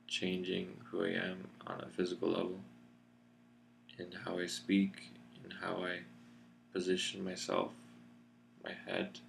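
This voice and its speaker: Very deep, gravelly man speaking slowly. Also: slight background noise. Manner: relaxed, grounded chest voice; unhurried, thoughtful and searching for words. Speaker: vlogger. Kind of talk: reflective personal video update. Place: seated in a chair indoors.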